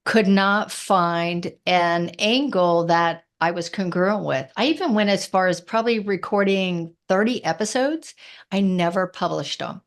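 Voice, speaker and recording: A woman's voice: on the low side, unhurried. A woman, an entrepreneur speaking frankly and directly as an interview guest. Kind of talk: casual interview chat.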